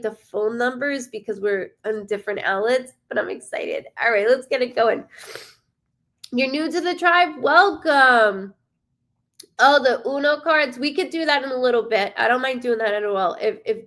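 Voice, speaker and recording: Chatty, foul-mouthed woman medium. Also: fairly high pitch. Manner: chatty, swears freely; warm, greets viewers by name. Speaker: psychic medium hosting a live stream. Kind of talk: casual live-stream chat with viewers.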